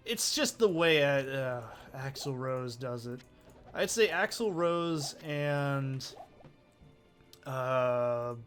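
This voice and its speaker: Rambling, foul-mouthed gaming host. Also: male voice, a little high, a bit bright. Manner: rambling, profane, chatty. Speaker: let's play host. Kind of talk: casual gameplay commentary.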